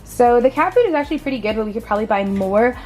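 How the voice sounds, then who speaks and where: Bubbly farm vlogger woman, fairly high voice. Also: expressive, racing, a little mellow, soft background music. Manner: bubbly, talks sweetly to her animals. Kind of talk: casual vlog to camera. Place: outdoors on a farm, then a feed shed.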